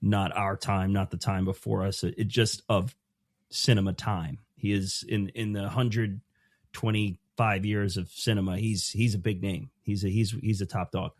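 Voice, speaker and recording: A man's voice: on the low side, moderate pace, no echo, studio quality. A man as a podcast guest, telling stories in casual chat with many restarts and acting out the people he quotes. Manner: animated storytelling with many restarts; acts out quoted voices.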